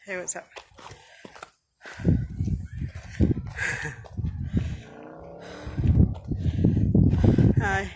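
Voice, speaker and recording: A woman out of breath on a hillside trail, panting and muttering to herself as she climbs. She talks slowly, in short bursts between steps. The handheld phone recording carries a lot of outdoor noise. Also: on the low side, fairly even intonation. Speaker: vlogger. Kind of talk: casual self-talk while hiking.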